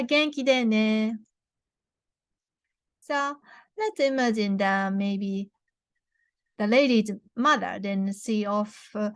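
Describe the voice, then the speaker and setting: A young woman with a Japanese accent teaching a beginner language lesson, saying words slowly and clearly for repetition, with frequent restarts. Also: mid-range voice, dry recording, studio quality. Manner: slow, careful model pronunciations with many restarts.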